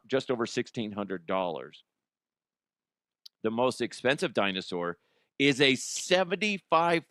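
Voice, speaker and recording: A man's voice: medium pitch, fairly bright tone, no room sound, clean studio sound. A man hosting a comedic news podcast, talking in a loose, joking way with swearing and self-mockery. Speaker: podcast host.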